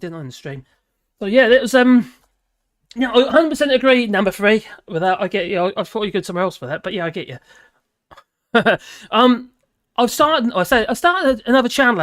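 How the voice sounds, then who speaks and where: An older woman with a somewhat high voice hosts a live stream, chatting casually with her viewers. She rambles, jokes, and teases in a cheeky way.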